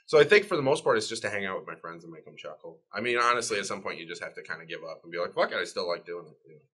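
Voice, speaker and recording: Man, comedian, interview, fast talker, lively pitch. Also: husky. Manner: casual, seeks agreement. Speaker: stand-up comedian. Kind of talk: documentary interview.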